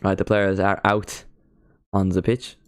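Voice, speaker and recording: Chatty Irish teen streamer. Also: male voice, sits low, monotone, a little slow, dry recording, clean studio sound. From Ireland. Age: teens. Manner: chatty, rambling, self-mocking. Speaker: football watchalong streamer. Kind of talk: casual live-stream chat.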